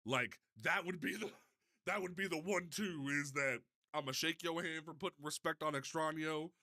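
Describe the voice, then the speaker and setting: A man hosting a casual livestream, talking in an animated, profane way with frequent stumbling restarts. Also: on the high side, normal speed. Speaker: livestream host.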